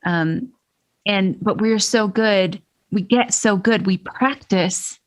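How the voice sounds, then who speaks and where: Podcast co-host, female, mid-pitched voice, reflective and explanatory. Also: slow. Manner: thoughtful, explains ideas with frequent restarts and emphasis. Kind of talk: casual podcast conversation.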